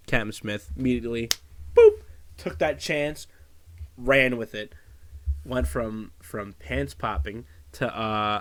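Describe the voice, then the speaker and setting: A man's voice: mid-range voice, expressive, slow, pauses often, no echo. A man giving casual, profane commentary, sarcastic and openly disgusted. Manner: disgusted, sarcastic, swears a lot. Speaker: commentary vlogger.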